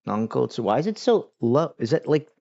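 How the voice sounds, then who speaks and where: Warm and gravelly, this man's mid-range voice has a sing-song lilt and a fairly quick pace. He's a livestream host answering chat in a casual, slangy manner stuffed with fillers, captured on dull, lo-fi audio.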